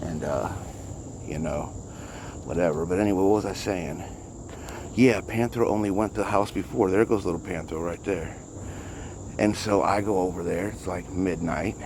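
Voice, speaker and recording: A deep-voiced man who looks after street cats films them outdoors with a handheld phone, narrating casually and rambling while slightly breathless. He talks at normal speed but pauses often, against a noisy background.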